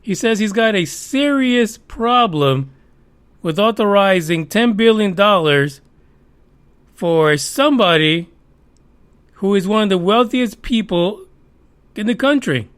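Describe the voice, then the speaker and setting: A man's voice: high-pitched, lively intonation, unhurried, long pauses, a bit bright, clear, resonant tone. A man hosting a podcast, giving heated, profane, sarcastic commentary on the news. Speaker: podcast host.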